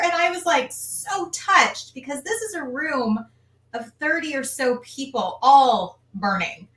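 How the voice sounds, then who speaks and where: A woman hosting a casual live stream, lively, reading viewer comments aloud. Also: high-pitched, unhurried. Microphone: video call. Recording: echoey room, distant from mic.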